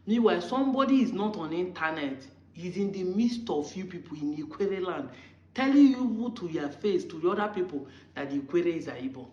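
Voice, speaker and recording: A man's voice: sits high, animated, fairly quick, a little mellow. Argumentative Nigerian man in a roomy room. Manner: argumentative, fires rhetorical questions at critics. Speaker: political commentator. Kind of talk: impassioned commentary to camera. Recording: roomy, dull lo-fi recording.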